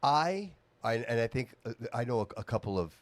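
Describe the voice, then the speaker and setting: A male podcast host in casual political conversation, his pitch swinging widely as he talks. He is emphatic and chatty, with a dry, close sound. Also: fairly quick, no echo. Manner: animated, emphatic, says "dude" often.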